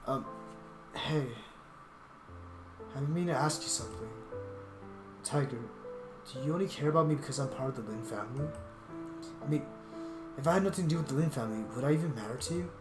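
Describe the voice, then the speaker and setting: A man's voice: medium pitch, brisk, long pauses, close to an everyday voice. A man reading the part of a flustered young man in a visual novel, hesitant and self-conscious. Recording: roomy echo with guitar music.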